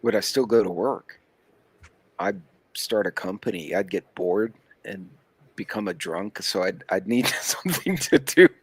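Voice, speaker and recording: Low-voiced man in a dry recording. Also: lively intonation, unhurried, husky, no room sound. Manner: rambling, laid-back explaining. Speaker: livestream panelist. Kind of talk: casual chat.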